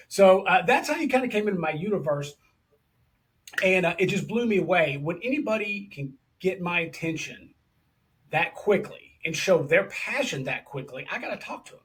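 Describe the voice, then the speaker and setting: A man's voice: on the high side, brisk, fairly bright tone, slight background noise. A man hosting an interview podcast, chatty and enthusiastic, talking casually to his guest and calling him brother. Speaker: podcast host.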